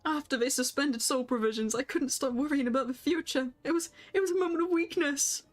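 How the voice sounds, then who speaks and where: A woman's voice: high voice, a little fast, faint music behind, voice pushed up, natural voice. A woman voicing a young male thief in a game, whiny and pleading.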